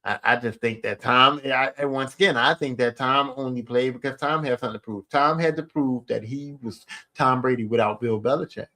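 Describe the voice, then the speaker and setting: A middle-aged man with a medium-pitched, sharp voice hosts his own podcast at a brisk clip. It's a casual solo monologue, and he rambles bluntly while swearing offhandedly.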